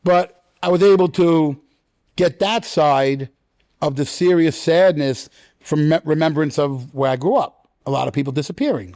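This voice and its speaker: A middle-aged man who is an actor, talking as a guest in a casual interview and telling stories with lively, acted-out quotes. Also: fairly high pitch, no room sound, clean studio sound. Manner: animated storyteller, acts out quotes in loud sudden bursts.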